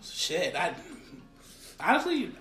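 A man's voice: a little high, huge pitch swings, takes it slowly, bright, forceful tone, echoey room, faint music behind. A man on a podcast giving his side of a story in casual, hesitant chat.

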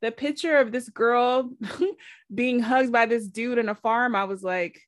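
A woman's voice: a little high, unhurried, no echo, studio quality. A woman hosting a podcast in casual chat, telling stories with lots of laughter and acted-out quotes. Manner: animated storyteller, laughs often, acts out quotes. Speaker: podcast host.

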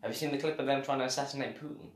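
A man's voice: mid-range voice, fairly even intonation, rapid-fire, a little hiss or hum. A man hosting a casual podcast, teasing his friends and steering the banter. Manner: teasing, bursts into loud laughing bits. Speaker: podcast host. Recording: echoey room.

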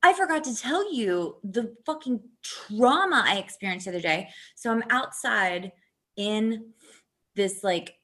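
A woman telling a long, animated, profanity-laced story in casual chat, laughing often. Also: fairly high pitch, a little slow.

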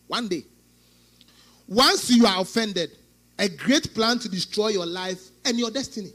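A middle-aged male pastor preaching a sermon, swinging between loud outbursts and quieter asides, acting out quoted speech. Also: high-pitched, lively intonation, moderate pace.

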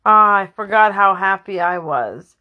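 A woman's voice: medium pitch, lively intonation, unhurried, muffled recording, natural voice. A woman voicing a vain, self-absorbed male former child star who sounds wistful.

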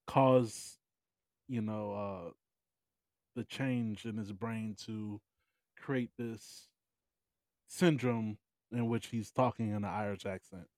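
A man's voice: mid-range voice, a little mellow, no echo. A man co-hosting a casual podcast chat, talking with many fillers and restarts. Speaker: podcast co-host.

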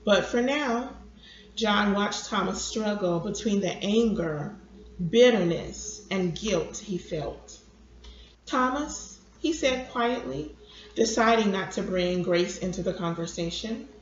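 A woman reads a novel aloud in a steady, unhurried, mid-pitched voice. The recording is echoey and lo-fi, with faint ambience behind her. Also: slight background noise. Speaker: reader. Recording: roomy, dull lo-fi recording.

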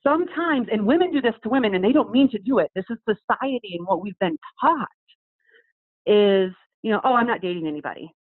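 A woman talks in casual conversation as a podcast guest, emphatic and quick to act out what others say to her. Her voice comes through thin and phone-like, with a dry, close sound. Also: fairly high pitch, expressive, slightly rough, no room sound.

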